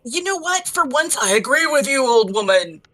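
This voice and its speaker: A woman voicing a frantic warrior woman, loud and outraged, demanding answers. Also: sits high, sing-song, normal speed, crowd noise, voice pushed up. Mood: blunt.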